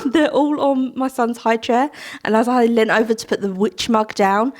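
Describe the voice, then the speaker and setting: A woman's voice: on the high side, steady tone, moderate pace. A young woman chatting casually to camera at home, sentimental and laughing often. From Britain. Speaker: vlogger. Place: home, indoors.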